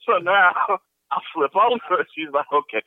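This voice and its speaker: Man, 50s, podcast host, animated crude storyteller, dry lo-fi sound. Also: medium pitch, brisk, no room sound. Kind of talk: casual storytelling chat.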